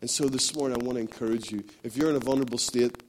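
A man's voice: mid-range voice, steady tone, very fast, slight background noise. A man preaching a sermon, emphatic and repetitive, building his points in rhythmic runs. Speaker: pastor.

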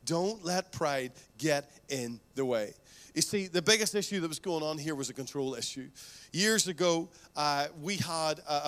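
A male pastor preaching a sermon, telling stories with lively asides and acting out quoted voices. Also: fairly high pitch. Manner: animated storytelling, acts out quoted voices.

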